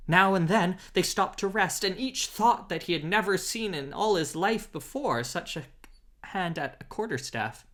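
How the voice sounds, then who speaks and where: Man reading an old adventure tale. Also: high voice. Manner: steady, measured, old-fashioned prose. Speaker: audiobook reader. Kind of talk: storybook narration.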